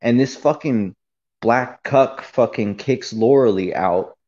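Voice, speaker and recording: A man's voice: mid-range voice, takes it slowly, dark tone. Profane rambling man on a dull lo-fi recording. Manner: profane, rambling, heated storytelling. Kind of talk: casual ranting monologue.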